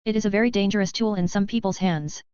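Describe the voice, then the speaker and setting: A woman voicing a tired, guarded young male wizard professor in an audiobook, speaking softly. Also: medium pitch, quick pace, clean tone, no echo, lightly acted. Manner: guarded, tired and soft-spoken. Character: weary, gentle male wizard professor, young but ailing. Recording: dull, muffled audio.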